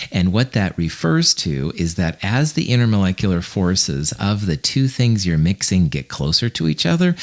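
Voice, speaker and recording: A man teaching a recorded chemistry lecture in a relaxed, conversational way, with fillers and small asides. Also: low voice. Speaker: chemistry instructor.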